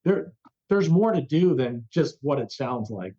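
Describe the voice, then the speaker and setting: Animated male radio veteran telling stories. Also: mid-range voice, measured pace, muffled recording. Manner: lively, acts out quoted voices. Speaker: rock radio personality, interview guest. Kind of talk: animated storytelling in an interview. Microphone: remote interview over the internet.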